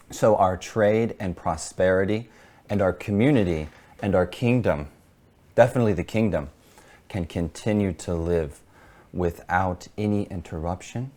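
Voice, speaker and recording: Man voicing a pompous merchant, deep voice. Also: darkish tone. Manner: pompous, formal speech. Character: pompous vengeful male merchant guild leader.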